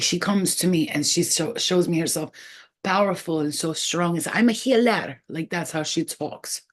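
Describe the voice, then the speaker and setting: A psychic reader with a voice on the low side gives a spiritual reading straight to camera, casual, blunt, and profane. She repeats points for emphasis and keeps halting, trailing off as she sounds out names she says she's receiving.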